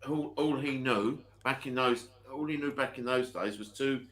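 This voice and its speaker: Brief: Essex man, livestream co-host, mid-pitched, questions and counters his partner. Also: moderate pace, fairly bright tone. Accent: Essex English. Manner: questioning, pushes back. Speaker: ghost hunting show co-host. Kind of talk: casual live-stream chat.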